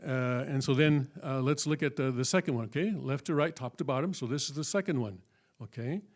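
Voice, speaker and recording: A man's voice: mid-range voice, a little fast. A man giving a patient, step-by-step classroom lecture at a church, with many fillers and frequent check-ins with his listeners. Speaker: church teacher. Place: church hall.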